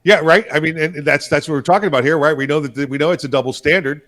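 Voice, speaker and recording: A man's voice: fairly high pitch, fast talker, fairly bright tone. A man co-hosting a political talk show, speaking emphatically in a rambling way with frequent restarts and repeated words. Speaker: co-host.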